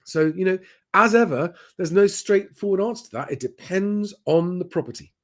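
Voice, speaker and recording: Fielding viewer questions on his live stream, this man keeps things loose and chatty, frequently filling gaps with "um." He has a high voice and talks at a normal pace.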